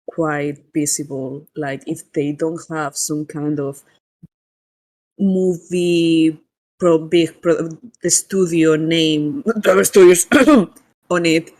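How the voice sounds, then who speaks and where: A woman's voice: deep voice, darkish tone. A woman narrating as game master of a tabletop game, describing scenes with a hesitant manner. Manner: hesitant, many fillers and restarts while describing.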